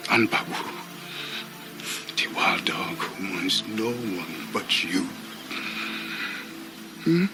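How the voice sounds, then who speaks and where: An actor playing a desperate grown father who pleads with his lost son, his voice rising to shouts and dropping to a whisper. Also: sits low, drawn-out words, pauses often, loud music behind the voice. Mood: desperate pleading. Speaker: film character.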